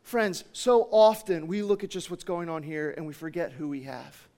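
A man preaching a sermon with passion, swinging between loud declarations and hushed, soft passages. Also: fairly high pitch, expressive, normal speed. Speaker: pastor.

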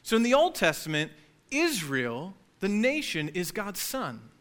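A man preaches a sermon to a church congregation, talking to them conversationally and teasing them with light jokes. His voice sits a little high and sounds bright and forceful. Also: wildly swooping pitch, measured pace. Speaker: pastor.

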